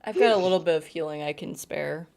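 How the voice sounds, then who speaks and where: A woman playing a tabletop game who calmly explains her character's moves. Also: sits low, fast talker, gravelly. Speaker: player. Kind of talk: casual tabletop play.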